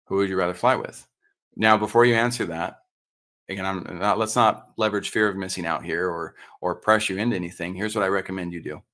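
Guy with a deep voice on a podcast, animated storyteller, lots of ums and acted-out quotes. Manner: animated, acts out quoted dialogue, frequent fillers and restarts. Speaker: podcast guest, entrepreneur and consultant.

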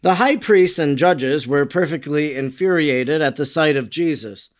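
Male reader, solemn devotional story, slightly high voice, dramatic delivery. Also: animated, a little slow. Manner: solemn, dramatic, quotes voiced with raised pitch. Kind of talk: devotional reading.

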